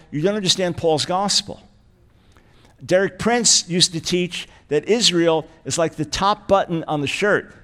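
A man's voice: sits high, a bit bright. Emphatic man preaching a sermon. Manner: emphatic, repeats key words. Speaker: guest preacher.

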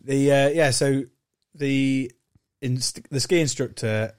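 A man's voice: medium pitch, fairly even intonation, slow pace, smooth, no echo, studio quality. A man co-hosting a podcast, telling stories with heavy swearing and exasperation. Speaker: podcast co-host. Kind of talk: casual storytelling.

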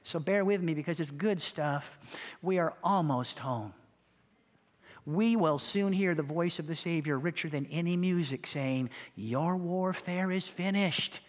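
A man's voice: on the high side, a little slow, big-room sound. A male pastor preaching a fervent sermon, with emphatic repetition and acted-out quotes.

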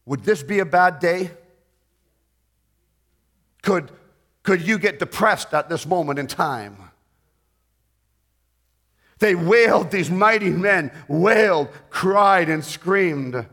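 A middle-aged man preaching a sermon, reading scripture and retelling it expressively, joking with his listeners. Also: a little high. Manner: expressive, rising and falling in volume, jokes with the audience.

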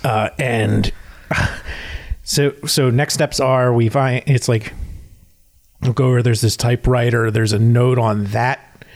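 A man's voice: medium pitch, unhurried. A man telling a story in casual chat, rambling with many fillers and acting out quotes as he retells it. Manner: acts out quotes in animated retelling.

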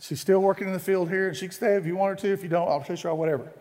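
A man's voice: high-pitched, steady tone, very fast, darkish tone. A male pastor preaching a sermon, telling the story in a conversational, playful way with asides, in a church sanctuary. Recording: long hall reverb.

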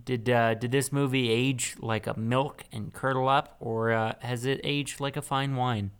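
A man co-hosting a comedy podcast, laid-back and hesitant with plenty of fillers. His voice is smooth and clear. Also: medium pitch, steady tone, measured pace. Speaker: co-host. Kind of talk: casual comedy podcast banter.

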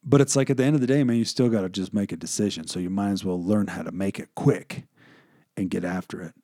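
A man's voice: sits low, quick pace, dark tone, no room sound, clean studio sound. A young man casually teaching a Bible passage, retelling the scriptures in slangy modern talk.

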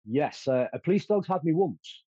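A man's voice: fairly high pitch, expressive, moderate pace, dark tone, husky, no room sound, lo-fi sound. A man telling stories as an interview guest, confident and boastful, with many fillers and restarts. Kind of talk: casual storytelling.

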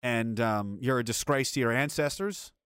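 A man's voice: medium pitch, moderate pace, fairly bright tone, clear, resonant tone, no room sound, studio quality. A man hosting a video commentary, ranting in an angry, blunt and profane way. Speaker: commentary host.

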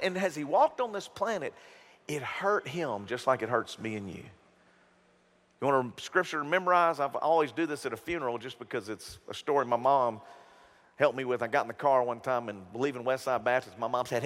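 A man preaching a sermon as pastor, emphatic and animated, with jokes and stories. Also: high-pitched, long reverb tail. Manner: animated, emphatic, joking storyteller.

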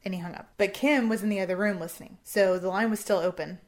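A woman's voice: mid-range voice, fairly even intonation, fast. Young woman, casual true-crime podcast host; chatty, unscripted retelling with quoted lines and swearing. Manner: conversational, quotes people with bits of voices, swears freely.

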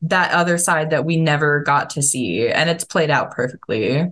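A woman's voice: deep voice, animated, normal speed, fairly bright tone. A woman co-hosting a podcast, chatting casually and eagerly about classic films. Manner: enthusiastic film buff. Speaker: departing podcast co-host.

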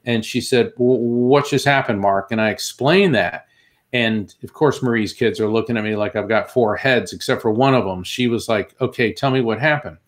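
A man tells his story with lively energy and slips into the voices of the people in it. His voice sits in an ordinary middle pitch and he talks at an easy conversational pace, sometimes speeding up. He sounds like a guest talking in an interview. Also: moderate pace. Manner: animated storyteller, acts out quoted voices. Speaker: guest, medium.

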